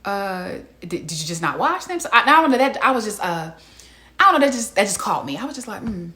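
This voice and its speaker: A woman casually reviewing a reality TV episode as host, chatty and animated, slipping into quoted voices. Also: on the high side, fast talker, reverberant. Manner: animated, chatty, quoting people in their voices.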